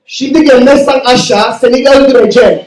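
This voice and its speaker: A man's voice: very high-pitched, fairly quick, reverberant, recorded from a distance, voice pushed up, poor audio. A man doing his bellowing Turkish Cypriot dad. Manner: bellowing threats.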